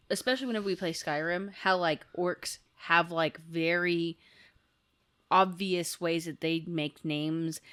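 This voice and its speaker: A woman in her thirties co-hosting a podcast in casual chat, rambling with lots of filler words and eager asides. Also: fairly low pitch. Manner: rambling, full of "like" fillers, enthusiastic. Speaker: podcast co-host.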